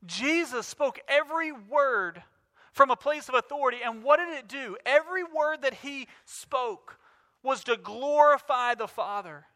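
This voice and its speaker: A man's voice: extremely high pitch, expressive, a little slow, bright, forceful tone. A male pastor in his thirties preaching a sermon with emphatic, rising declarations. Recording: reverberant hall.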